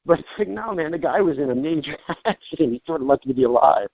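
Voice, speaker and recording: A man's voice: fairly high pitch, expressive, quick pace, creaky, dry recording. A man hosting a podcast, rambling and joking through casual interview chat with many restarts. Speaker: podcast host. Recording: dull lo-fi dry podcast audio.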